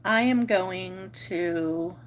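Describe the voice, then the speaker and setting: A woman, chatting casually to her viewers in a vlog. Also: very slow. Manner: chatty, talks to dog in high baby voice. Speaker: vlogger.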